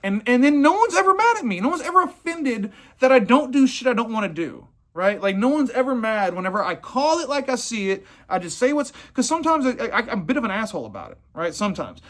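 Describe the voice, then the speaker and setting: Man, high-pitched, blunt and profane business owner, rambling talk. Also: very animated, fast talker, few pauses, fairly bright tone. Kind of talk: casual motivational talk.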